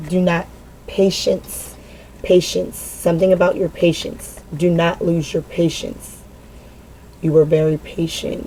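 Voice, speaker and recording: A woman giving a spontaneous spiritual card reading. She talks in a halting way, repeats words and thinks aloud, and sounds earnest and emotionally open. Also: fairly low pitch, level tone, mellow, slight background noise, poor audio. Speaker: tarot card reader.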